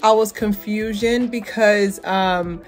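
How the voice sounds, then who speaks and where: A young adult woman casually reviewing a movie, rambling and animated, full of fillers and asides. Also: mid-range voice, takes it slowly.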